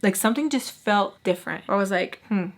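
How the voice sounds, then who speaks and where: A woman's voice: medium pitch, lively intonation, brisk. A woman vlogger chatting casually through a personal storytime, full of "like" and talking to her viewers as y'all.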